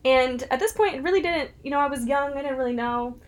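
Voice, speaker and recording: A young woman from Ohio chats casually with friends, her voice high and her words tumbling out quickly. She tells stories in an animated, giggly way. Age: young adult. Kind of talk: casual chat.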